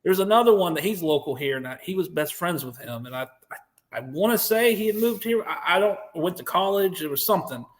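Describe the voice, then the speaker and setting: A man in his forties, a Marine veteran, hosting a podcast and telling animated, profane war stories in casual chat. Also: sits high, brisk. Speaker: podcast host.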